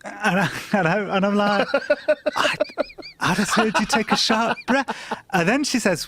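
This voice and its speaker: A man's voice: moderate pace, slight background noise. Laughing middle-aged storyteller man. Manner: animated, laughing, swearing, jumps pitch when quoting people. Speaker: guest storyteller. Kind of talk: casual anecdote telling.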